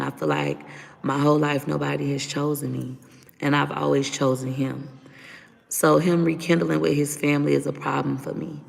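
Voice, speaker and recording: Blunt gravelly-voiced woman venting. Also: low voice, long reverb tail. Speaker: livestream host. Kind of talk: casual livestream talk to viewers.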